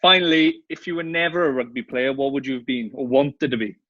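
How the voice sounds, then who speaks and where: A man hosting a podcast, asking brief quick-fire interview questions and laughing along. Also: mid-range voice. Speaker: podcast host. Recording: dry, dull sound with faint music.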